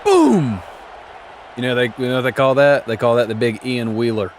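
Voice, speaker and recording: Chatting casually with friends while gaming on stream, a man teases and trash-talks, stumbling over his words now and then. His medium-pitched voice swings widely in pitch at a normal speed.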